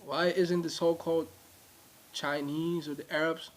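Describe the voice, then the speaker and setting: A man teaches in a slow, deliberate way, turning to his viewers again and again. His voice sits a little high. He repeats key words for emphasis. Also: flat delivery. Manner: emphatic, repetitive, addresses viewers directly. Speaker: religious teacher. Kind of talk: informal video lecture.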